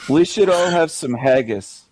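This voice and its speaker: A man's voice: fairly high pitch, lively intonation, unhurried, darkish tone. A man in casual stream chat, joking and teasing the others.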